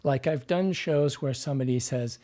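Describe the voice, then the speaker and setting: This man is an actor and dialect coach appearing as a podcast guest, and his voice is warm and mid-range. He explains speech habits and slips into quick vocal demonstrations.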